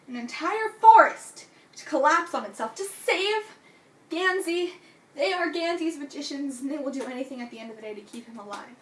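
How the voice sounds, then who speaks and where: A young adult woman reviewing a book in casual vlog talk, gushing and excitable, full of "like" and "you know". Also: sits high. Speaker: book vlogger. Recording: echoey room, distant from mic.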